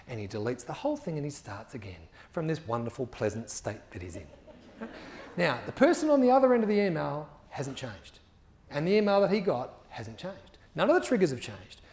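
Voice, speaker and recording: A man's voice: a little high, very animated, brisk, a little mellow, a little hiss or hum. A man gives a storytelling talk, acting out the people in his stories and laughing often as he goes. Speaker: speaker.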